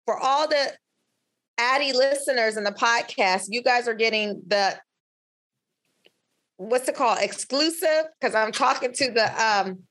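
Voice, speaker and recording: A woman talking as a podcast guest, expressive and emphatic, often restarting her sentences. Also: a little high, measured pace, pauses often. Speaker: podcast guest, physician researcher. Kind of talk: candid podcast conversation.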